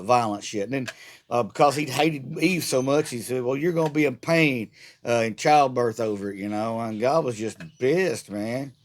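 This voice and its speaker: A man's voice: medium pitch, slight background noise. A middle-aged man, ranting sarcastically and at length in a rambling, casual monologue full of restarts. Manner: rambling, sarcastic, irreverent, repeats words. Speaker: vlogger.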